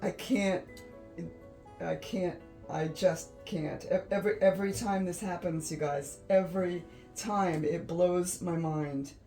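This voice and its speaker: Giggly, awestruck woman, low and mellow. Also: fairly even intonation, unhurried, faint music behind. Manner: gushing, giggly, easily awed. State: tired late at night. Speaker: art vlogger. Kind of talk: casual chat to viewers.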